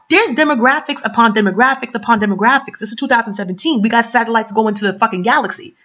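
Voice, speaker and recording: A woman's voice: fairly high pitch, lively intonation, fast, few pauses, fairly bright tone. A woman from New York City reading a news article aloud on camera and breaking off into impassioned, emphatic commentary full of rhetorical questions. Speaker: commentary vlogger. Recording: dull lo-fi sound.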